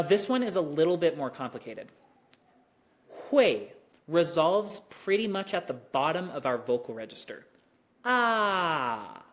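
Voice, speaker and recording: A teacher giving an online lesson on Mandarin tones, who speaks slowly and carefully and exaggerates the tones to demonstrate them. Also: mid-range voice.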